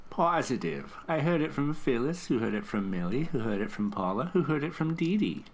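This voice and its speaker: A man's voice: mid-range voice, very animated, fairly quick, natural voice. A man voicing Iris, a chatty older woman who used to be wild, talking in a gossipy, casual way.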